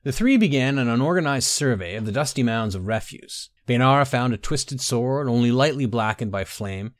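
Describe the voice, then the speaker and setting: A man narrating a story in a measured storytelling manner, softly voicing the dialogue. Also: mid-range voice, dry recording, clean studio sound. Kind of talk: scripted narration.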